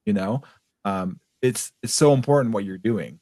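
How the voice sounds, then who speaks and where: A man's voice: on the low side, moderate pace, mellow, no room sound. A man hosting a business podcast, talking in a casual, affirming way, often restarting his sentences. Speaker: podcast host. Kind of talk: casual interview chat.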